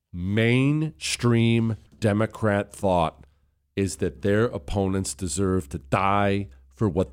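A man with a low voice hosts a radio talk show, speaking into a studio microphone. His political commentary is impassioned and builds to heated emphasis. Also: darkish tone, smooth.

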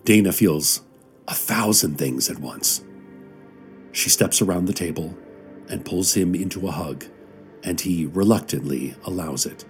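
Deep-voiced guy narrating a story real slow and even, faint music under it. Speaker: narrator and radio host. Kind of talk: scripted narration.

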